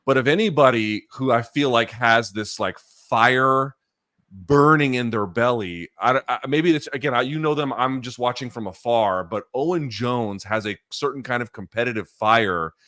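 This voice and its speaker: A man's voice: mid-range voice, moderate pace, pushed and bright, dry recording. Male interview host, hedging and rambling, dry call audio. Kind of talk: casual interview.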